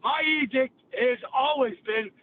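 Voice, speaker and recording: An older man from England vents heatedly on a call-in show, profane and blunt, at a measured pace. His voice is very high, heard over a tinny, faintly noisy phone connection.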